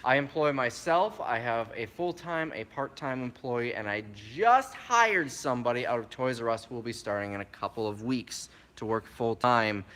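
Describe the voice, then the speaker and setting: A man casually answering viewer questions on a live stream, chatty and relaxed, reading each question aloud before he answers. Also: mid-range voice, moderate pace, hardly any pauses.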